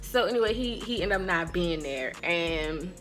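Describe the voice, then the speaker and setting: A woman tells a story straight to the camera in a bright, sharp voice. She talks in an animated, casual way, swears freely and often breaks into laughter. Faint music plays softly behind her. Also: lowish voice, normal speed. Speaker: vlogger telling a story.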